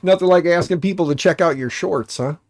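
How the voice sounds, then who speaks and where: A man with an American accent and a stuffy, nasal voice hosts a casual livestream, rambling along with jokes and lots of fillers. His voice is high and a little fast. The recording is studio quality with no echo.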